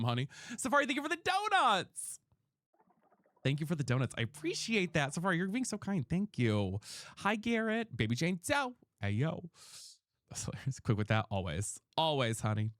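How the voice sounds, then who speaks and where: A woman chatting casually with viewers while streaming a game, playful and quick to thank people for gifts, just over an ear and respiratory infection. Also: sits low, dry recording. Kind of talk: casual live-stream chat while gaming.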